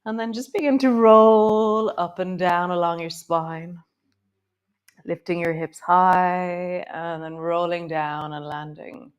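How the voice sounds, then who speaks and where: A woman with a slightly low voice leads a live yoga class. She gives gentle, encouraging cues and drops in chatty asides between them. Her delivery slows and softens as she guides each movement. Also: fairly even intonation, clear, resonant tone, highs cut off. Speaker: yoga teacher.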